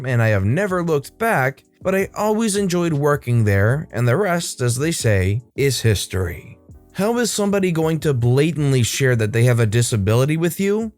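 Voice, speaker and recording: Lively young man telling stories. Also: medium pitch. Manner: expressive, dramatic storytelling. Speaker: narrator of online stories. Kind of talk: storytime narration.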